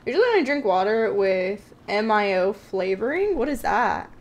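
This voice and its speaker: The sound is lo-fi, and her mid-range voice carries a darkish tone with big pitch swings at normal speed. She's a gaming streamer playing a horror title live, joking jitterily with her viewers and admitting her fear.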